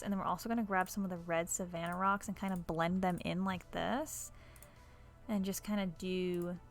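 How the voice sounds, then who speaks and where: A woman's voice: medium pitch, fairly bright tone. A woman streaming a building game from her apartment, rambling casually through a desktop microphone and dropping to murmurs as she works. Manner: chatty, rambling, many "like" and "kinda" fillers, drops to murmurs while working. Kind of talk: casual live-stream commentary while building. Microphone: desktop USB microphone.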